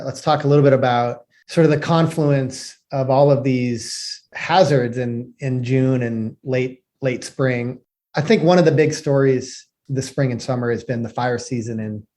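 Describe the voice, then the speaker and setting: A man co-hosting a podcast, talking in a relaxed, chatty way full of "like" fillers. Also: a little high. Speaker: podcast co-host. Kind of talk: casual conversational hosting.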